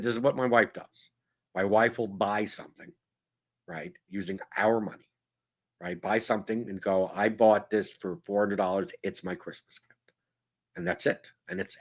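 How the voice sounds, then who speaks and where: A man's voice: medium pitch, sharp tone. A man hosting a casual Q&A show, riffing bluntly and profanely in an exasperated monologue. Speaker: podcast host answering viewer questions.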